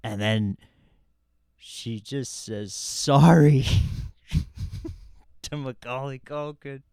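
A man's voice: medium pitch, takes it slowly, clear, resonant tone, dry recording, clean studio sound. A man hosting a podcast in casual chat, rambling and self-mocking, with many restarts and stammered repeats. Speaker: podcast host.

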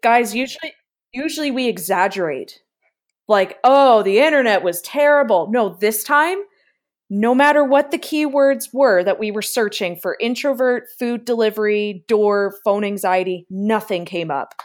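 A woman's voice: medium pitch, measured pace. A woman co-hosting a podcast in casual chat, hesitant and stumbling over her words. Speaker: podcast co-host.

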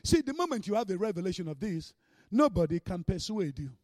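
A man preaching a sermon with great energy, swinging between shouts and hushed mocking asides. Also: high-pitched, sing-song, fairly quick, no echo, studio quality.

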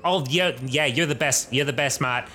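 A man's voice: on the high side, moderate pace, bright, forceful tone, voice pushed up. A man voicing a dwarven professor in tweed, chummy and eager, in a tabletop game.

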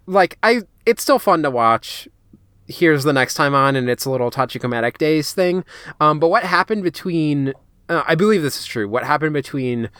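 Smooth-voiced man chatting on a podcast. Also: mid-range voice, no echo, studio quality. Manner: animated, lots of filler words, quick asides. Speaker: podcast co-host. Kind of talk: casual chat.

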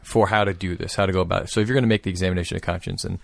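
A man calmly explaining a prayer practice in casual conversation. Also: sits low, very fast, gravelly, no room sound. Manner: thoughtful, explanatory, steady.

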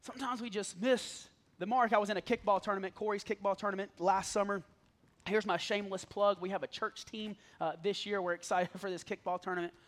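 A man's voice: sits high, steady tone, brisk, a bit bright. A young adult man, a pastor, preaching a sermon in a church, joking and talking straight to the congregation. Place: church stage before a live congregation.

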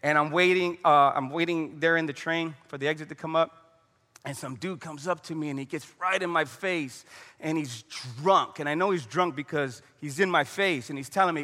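Bright-voiced man preaching in a reverberant hall. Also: a little high, normal speed. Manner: conversational preaching with storytelling and prayer. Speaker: pastor. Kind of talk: sermon.

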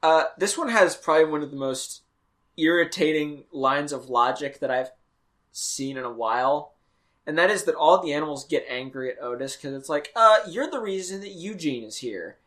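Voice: medium pitch, moderate pace, fairly bright tone. A podcast co-host picking apart a cartoon's logic with wry, punny remarks. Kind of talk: casual chat.

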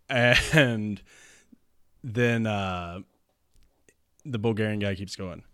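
A man chatting loosely as he spins out a story, laughing often and dropping into quick voices for each character. His voice is smooth and resonant, and the sound is dry and close. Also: lowish voice, a bit bright, no echo. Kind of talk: casual chat pitching a movie plot.

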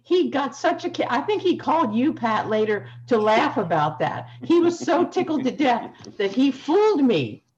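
Woman on a call, lively anecdote, dull lo-fi sound. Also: high-pitched, a little slow. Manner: lively, animated retelling. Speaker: meeting participant. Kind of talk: storytelling remembrance.

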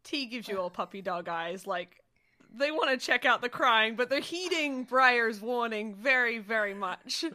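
A woman's voice: fairly high pitch, animated, unhurried, bright, forceful tone. A woman playing a tabletop game, talking playfully with giggles. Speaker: player. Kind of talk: casual tabletop role-play.

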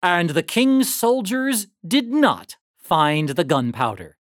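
A narrator reading a historical story aloud in a dramatic, animated read-aloud manner. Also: mid-range voice, slow, no echo, clean studio sound.

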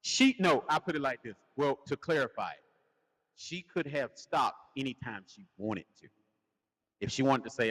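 A man with a lively, swooping voice, telling a story on a casual podcast and defending himself with a laugh. His voice rings out with a long reverb around it. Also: mid-range voice, normal speed. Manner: animated, defensive, laughs a lot. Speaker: co-host.

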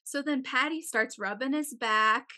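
A young woman with a bright, forward voice pitched a little high. She tells a story in casual chat, animated and swearing freely, with "like" in nearly every phrase. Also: a little slow. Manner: animated, profane storytelling full of "like".

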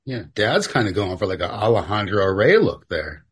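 Husky, animated man cracking crude jokes. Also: on the low side, normal speed. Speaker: podcast co-host. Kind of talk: casual film commentary chat.

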